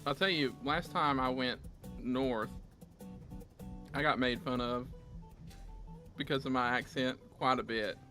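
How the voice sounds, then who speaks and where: Reading chat on his casual gaming stream, a man from the Southern United States tells rambling stories at a measured pace with long pauses. His medium-pitched voice has a sharp tone, and faint music plays behind him.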